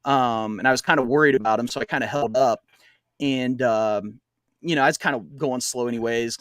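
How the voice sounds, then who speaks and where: A man's voice: medium pitch, fairly quick, a bit bright, no echo. A man co-hosting a podcast, telling a long trail story in casual chat, rambling with fillers and laughing often. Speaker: podcast co-host.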